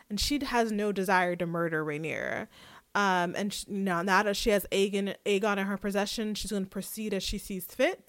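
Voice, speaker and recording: A woman's voice: mid-range voice, normal speed, dry recording. Chatty woman recapping, dry close sound. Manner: chatty, laughs often, animated when retelling scenes. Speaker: podcast co-host recapping a show. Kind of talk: casual chat.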